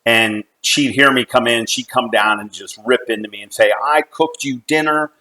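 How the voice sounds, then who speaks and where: A middle-aged man from the United States, a company CEO, telling a personal family story in an earnest, halting way, often restarting his sentences. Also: on the low side, steady tone, pushed and bright, rough recording.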